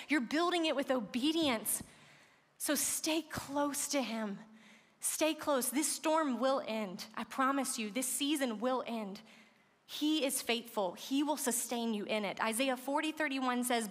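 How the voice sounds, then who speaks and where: A woman with a fairly high voice preaches earnestly to a large gathering. She drives her points home with repeated phrases and sounds moved close to tears. Long reverb from the big hall trails after her words. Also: a bit bright. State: tearful, moved. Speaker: speaker. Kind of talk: sermon.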